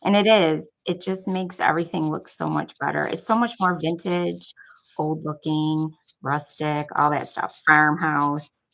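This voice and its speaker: Speaking in a low, creaky, fairly bright voice, this young woman talks at an unhurried pace with fairly even intonation. She's a craft vlogger from Buffalo, New York, with the local accent, chatty and rambling through a crafting tutorial with many filler "likes," and the audio is poor.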